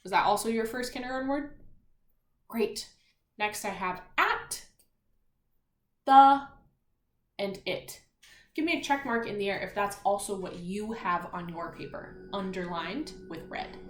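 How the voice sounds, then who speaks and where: Slow, patient teacher woman in an echoey room. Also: mid-range voice. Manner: patient and encouraging, sounding words out letter by letter. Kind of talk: slow, clear remote spelling lesson for children.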